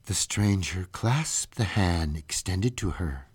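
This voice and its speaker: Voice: low-pitched, slow pace, hardly any pauses, slightly rough. Theatrical radio host reading a ghost story. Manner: theatrical, lively, playful spooky asides. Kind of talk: dramatic reading of a classic tale.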